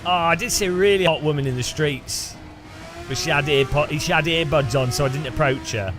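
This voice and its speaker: Over music, a man from Britain with a voice on the high side speaks briskly in British English. He's streaming a sim race and chatting casually with viewers, joking, laughing a lot and greeting chat by name.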